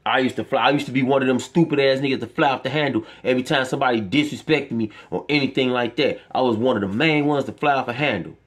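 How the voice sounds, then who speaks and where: A man's voice: medium pitch, fast, hardly any pauses. A man, speaking straight to his viewers. He rants with passion and profanity, preaching his point again and again. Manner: impassioned, profane, preachy ranting. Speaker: vlogger. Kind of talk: emotional monologue to camera.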